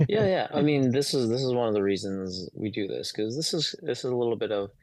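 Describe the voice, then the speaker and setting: A man's voice: mid-range voice, expressive, quick pace, darkish tone, no echo. A man co-hosting a podcast speaks in an easygoing, joking manner. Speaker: podcast co-host. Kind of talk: casual chat.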